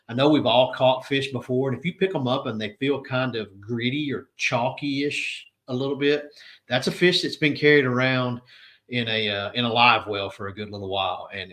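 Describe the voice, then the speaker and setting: A man's voice: mid-range voice, sharp tone. A middle-aged man, a tournament director, giving a plain-spoken, conversational rules briefing to anglers.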